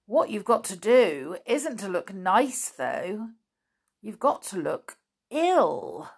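A woman's voice: medium pitch, sing-song, takes it slowly, gravelly, slightly rough, full character voice. A woman voicing a timid, loyal young male rabbit who talks hesitantly and stammers.

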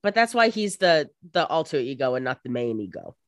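A woman's voice: very deep voice, big pitch swings, a little fast, no echo, clean studio sound. A woman co-hosting a podcast, making joking, sarcastic asides in casual chat. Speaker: podcast co-host.

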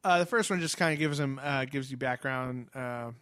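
Chatting casually from home as a podcast co-host, this man laughs often and swears freely. His voice is medium-pitched, a bit bright, and at normal speed, with no room sound, recorded through headphones and a studio mic.

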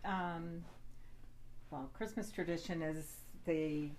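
A middle-aged woman, the host's mother, chatting at home in brief, quiet answers. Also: fairly low pitch, steady tone, slow, slight background noise. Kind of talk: casual family chat. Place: family home.

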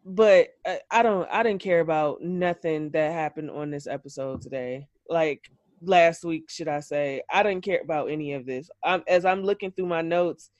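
A woman's voice: low voice, moderate pace, a little mellow, no room sound. A woman hosting a podcast, giving a blunt, profane, opinionated recap in casual chat. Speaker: podcast host.

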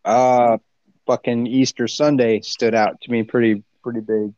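A man who is an army veteran guest, talking casually on a podcast in a halting, profane way. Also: medium pitch, flat delivery, darkish tone, no room sound. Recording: dry, muffled lo-fi audio.

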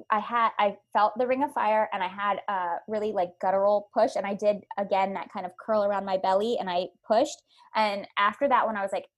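A woman in her thirties, a podcast guest, casually telling her birth story with many likes and ums. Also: mid-range voice.

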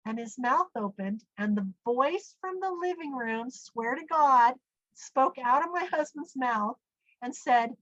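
A middle-aged woman telling a personal story in a lively way, acting out the voices she quotes. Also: sits high, a little slow, no room sound. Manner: animated, acts out quoted speech. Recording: dull, dry lo-fi sound.

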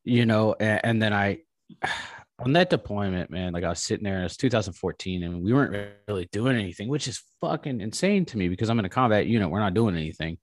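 A man in his thirties, an army veteran, speaking as a podcast guest in a halting, frank way, with many restarts and swearing. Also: on the low side, expressive, no echo. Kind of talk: candid podcast conversation.

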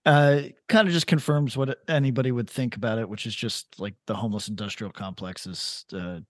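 A man's voice: medium pitch, fairly even intonation, fairly quick, no echo, clean studio sound. A man co-hosting a podcast in casual chat, riffing loosely with blunt opinions and frequent swearing. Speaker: podcast co-host.

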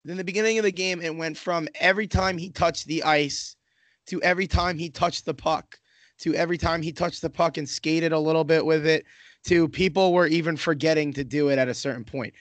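A man with a slightly higher voice talks hockey casually, rambling on with frequent profanity and self-interruptions. His sound is dry and close, with no room around it. He keeps circling back to restate his points. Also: fairly even intonation, brisk, dry recording. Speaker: Islanders fan in a hockey podcast discussion.

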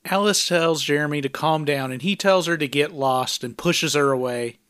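A man's voice: on the high side, moderate pace, a bit bright, clean tone, no echo. A man co-hosting a podcast, summarizing a film's plot in a plain conversational way with dry asides. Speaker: podcast co-host recapping a film. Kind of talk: casual recap narration.

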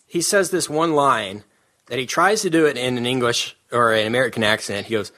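A man hosting a casual movie review chat, animated and opinionated, often laughing as he talks. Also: mid-range voice, fairly quick. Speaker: podcast host.

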